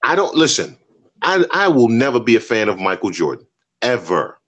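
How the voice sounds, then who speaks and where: A man's voice: mid-range voice, sing-song, moderate pace, fairly bright tone, lo-fi sound. A man co-hosting a casual sports talk show, emphatic and slangy, repeating his points for effect. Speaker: podcast co-host.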